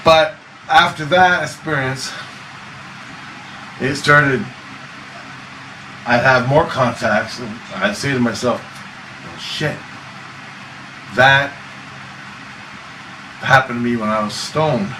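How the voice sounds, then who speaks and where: A man's voice: mid-range voice, takes it slowly, long pauses. A man telling a wild personal story in a casual interview, swearing, laughing often and acting out voices. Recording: echoey room, far from mic, noisy.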